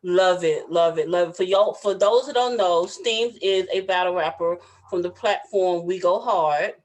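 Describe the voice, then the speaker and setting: A woman's voice: lowish voice, normal speed, a little mellow. A woman from the Southern US hosting a casual interview, bubbly and playful. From Southern United States. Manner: bubbly and playful, jokes and does impressions. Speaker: interview host.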